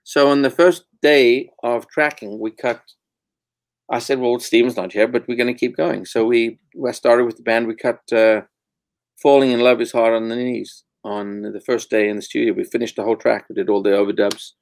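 A man's voice: medium pitch, fairly even intonation, moderate pace, vocal fry, no echo. A middle-aged man from Africa, a record producer telling candid, blunt stories as a guest in a casual interview and swearing freely. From South Africa.

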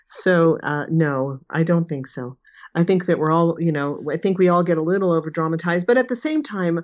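A woman in her sixties chats as an interview guest, laughing often and slipping into voices for the people she quotes. Her voice sits fairly low, and the audio is dull and lo-fi. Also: moderate pace, a little mellow. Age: 60s. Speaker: guest, remote viewing teacher. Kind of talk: casual interview chat.

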